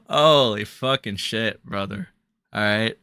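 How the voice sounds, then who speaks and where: A man's voice: mid-range voice, moderate pace, dry recording, clean studio sound. A young man ranting bluntly and crudely as a drama commentary streamer on a livestream. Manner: blunt, crude, ranting with sudden loud jumps.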